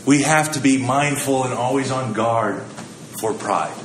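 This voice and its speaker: A man's voice: mid-range voice, measured pace, slight background noise. Guy preaching, chatty storyteller, does little voices for quotes, echoey room. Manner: conversational, storytelling, acts out quotes. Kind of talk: sermon.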